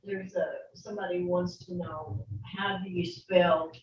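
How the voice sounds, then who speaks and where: A woman's voice: fairly low pitch, fairly even intonation, measured pace, highs cut off. A woman helping in an online language class, relaying participants' questions over a video call. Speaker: class helper passing on questions. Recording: distant roomy video-call audio.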